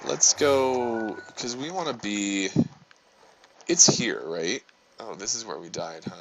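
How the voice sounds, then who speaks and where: A male gaming host casually narrates an angry story over gameplay, swearing plenty, staying animated, and restarting frequently. His voice is lowish and slow, and the audio quality is poor.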